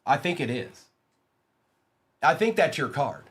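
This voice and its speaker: Animated man running a live card break. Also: fairly high pitch, breathy edge. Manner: rapid, excitable, banters with chat by name.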